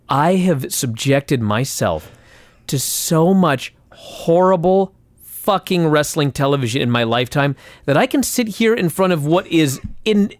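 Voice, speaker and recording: A man's voice: sits high, no room sound. A man co-hosting a podcast, ranting and swearing in exasperated casual chat. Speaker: podcast co-host.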